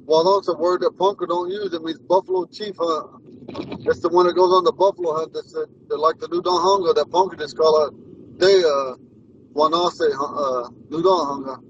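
A language teacher in his forties tells rambling stories during a casual lesson, repeating himself and restarting. His voice is on the high side at a normal speed. The sound is muffled and distant from the mic, with a little hiss or hum.

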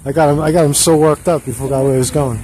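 A chatty, joking man with a slightly high voice hosts a casual street-interview vlog and often repeats himself. He films with a handheld camera held at arm's length. Loud traffic noise surrounds him on a busy street. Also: fairly even intonation, fast, rough recording.

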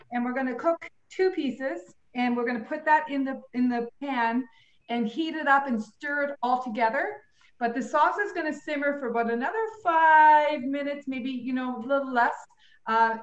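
A woman's voice: sits high, roomy sound, muffled recording, a little hiss or hum. A woman cooking in her home kitchen, talking through a recipe in a chatty, rambling way over a video call. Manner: chatty, rambling, self-correcting asides. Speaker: home cook demonstrating a recipe.

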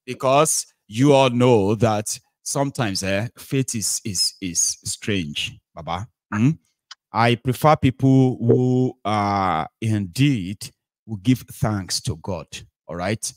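A man's voice: lowish voice, slow pace, no echo, studio quality. A man with a Nigerian accent hosting a casual call-in political talk show, mixing in Pidgin and Yoruba phrases.

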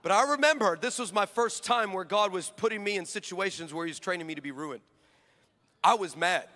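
A young man preaching a sermon to a live audience, telling a story with animated swings between shouting and hushed asides. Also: high-pitched, a little fast. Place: large hall with live audience.

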